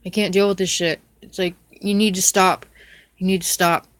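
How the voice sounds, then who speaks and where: A woman's voice: mid-range voice, little pitch movement, moderate pace, dry recording. A middle-aged woman venting angrily in a personal video rant, swearing and repeating herself. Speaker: vlogger. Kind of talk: angry personal rant to camera.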